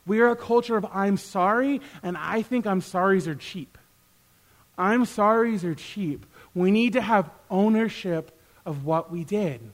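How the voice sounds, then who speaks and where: A man with a high, light voice preaches a sermon to his church. He speaks in an animated way, acting out little back-and-forth exchanges and getting louder as he does. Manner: animated, acts out quoted exchanges with rising loudness. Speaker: pastor; youth worker.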